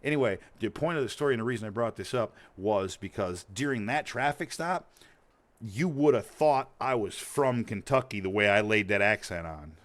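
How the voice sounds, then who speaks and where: A man's voice: fairly low pitch, expressive, normal speed, a bit bright. A man with a slight Montana accent, a streamer telling a long story in casual, rambling talk, cursing freely and laughing often. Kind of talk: casual storytelling while gaming.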